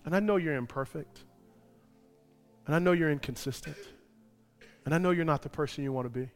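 A male pastor preaching a sermon, moving from quiet personal storytelling to loud, impassioned preaching. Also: fairly high pitch, a little fast, soft background music.

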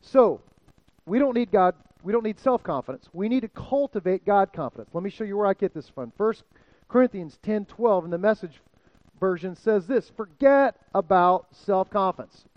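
High-voiced preacher man, animated. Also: moderate pace, dry recording, highs cut off. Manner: energetic, calls out to the congregation. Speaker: pastor. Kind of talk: sermon.

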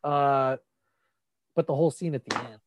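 A man's voice: mid-range voice, normal speed, background noise. A man in casual chat about TV shows. He talks loosely, swears freely, and often repeats his words.

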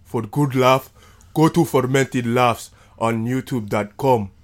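A man doing a shouting self-made ship captain. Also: mid-range voice, slow pace, close to an everyday voice. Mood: commanding. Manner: loud commanding shouts. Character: bossy man declaring himself ship captain.

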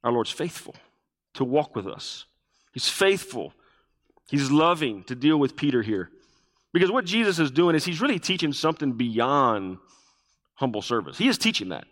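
A man's voice: medium pitch, big pitch swings, moderate pace, a bit bright. A male pastor preaching a sermon, asking the congregation questions and repeating key phrases for emphasis. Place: church sanctuary. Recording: long reverb of a church hall.

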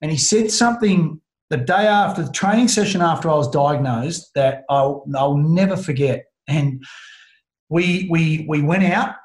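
A middle-aged Australian man telling a personal story in an interview, earnest and halting, often restarting his sentences. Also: on the high side. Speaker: guest. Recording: roomy echo.

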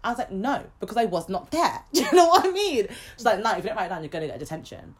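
A young woman, co-hosting a podcast and telling a story in a casual, animated way, swearing freely and acting out other people's lines. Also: mid-range voice, quick pace. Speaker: podcast co-host.

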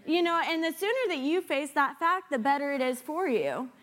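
A woman giving a sermon as a guest preacher, animated and playful, with sarcastic asides. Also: sits high, moderate pace.

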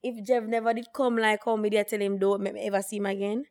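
Speaking quickly in a mid-range voice, a woman co-hosting a podcast relates stories in easygoing chat. Her telling is lively, peppered with patois and voiced quotations.

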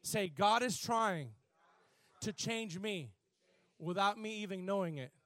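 A man preaching a sermon, repeating words and drawing out phrases, building from quiet emphasis to shouted fervor. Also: high voice, a little slow, no room sound.

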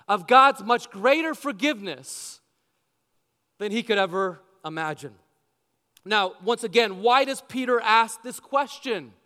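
Preaching to his congregation with emphasis and rhetorical questions, this pastor has a very high, bright, forceful voice. A big hall's long reverb surrounds him.

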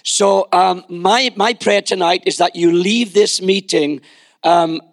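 An older pastor preaches a sermon, telling stories and dropping wry asides, often repeating words as he builds a point. His voice sits high for a man and sounds close and dry, with no room echo. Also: slow, creaky.

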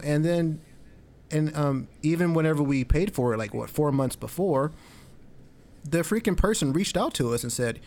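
Man co-host, relaxed and rambling, mid-range voice, easygoing conversational delivery. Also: mid-range voice. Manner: laid-back, rambling, many fillers like "I mean" and "you know". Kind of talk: casual conversation.

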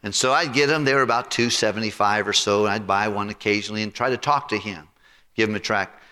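A male pastor telling a personal story in an animated, conversational sermon. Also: fairly low pitch, quick pace. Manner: animated, conversational anecdote with repetitions. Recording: reverberant hall.

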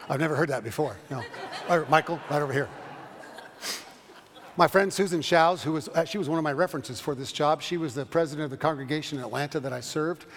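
Fast-talking man teaching in a reverberant hall. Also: a little high. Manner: fast-talking, animated, stumbles and restarts. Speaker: pastor teaching a Bible study. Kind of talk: Bible study lecture with questions.

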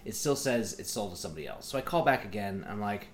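A man's voice: on the low side, animated, fast talker. A man telling a story in casual chat, profane and exasperated as he acts out both sides of phone calls.

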